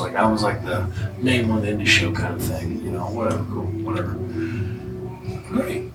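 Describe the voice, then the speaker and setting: Man guest, foul-mouthed animated storyteller; echoey room, off-mic, music underneath. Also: fairly low pitch, distant mic. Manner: profane, animated storyteller acting out quotes. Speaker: podcast guest. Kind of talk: casual storytelling. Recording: roomy echo, off-mic, music bed.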